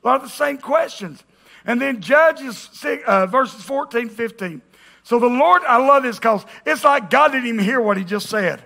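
Male pastor, lively joking sermon delivery with shouted peaks, gravelly high voice. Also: normal speed. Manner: animated and joking, bursts into shouts.

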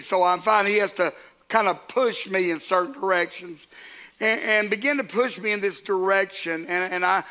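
A man's voice: high-pitched, bright, forceful tone. A man, a pastor preaching a sermon to his congregation in a conversational way, with asides to the crowd.

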